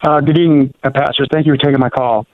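A man calling in to a radio program, politely and haltingly laying out a family debate. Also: mid-range voice, steady tone, a little hiss or hum. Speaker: caller. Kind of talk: phone-in question. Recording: tinny phone line.

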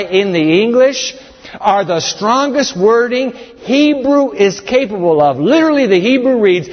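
A man's voice: high voice, very animated, a little slow, breathy edge. A man preaching a sermon, emphatic and dramatic, speaking straight to the congregation. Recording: dull sound with long hall reverb.

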